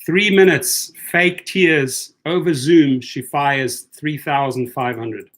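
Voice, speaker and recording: Man, live stream host, fairly high voice, blunt, indignant, repeats himself for emphasis. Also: slow pace, fairly bright tone. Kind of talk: live stream chat, reading viewer comments.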